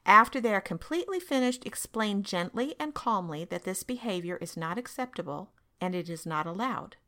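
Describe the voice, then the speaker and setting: Woman, podcast host, parenting advice monologue, calm and firm delivery, checks in with listeners. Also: medium pitch, normal speed. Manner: calm, firm, repeats points and checks in with "okay?".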